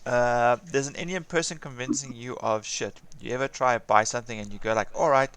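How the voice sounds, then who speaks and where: A man's voice: medium pitch, fairly even intonation, fairly quick, a bit bright, smooth. A man hosting his own stream, chatting casually with friends, laughing often and poking fun at himself. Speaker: streamer host.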